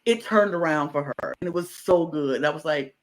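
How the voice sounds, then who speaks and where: A man's voice: fairly high pitch, fairly quick, low-quality recording. A man co-hosting a casual podcast, gushing with enthusiasm. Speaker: podcast co-host. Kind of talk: casual chat.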